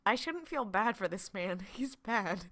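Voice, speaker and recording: A woman's voice: medium pitch, lively intonation, normal speed, bright, forceful tone. A woman co-hosting a podcast, chatting casually and animatedly, swearing and laughing often. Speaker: podcast co-host. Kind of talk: casual chat.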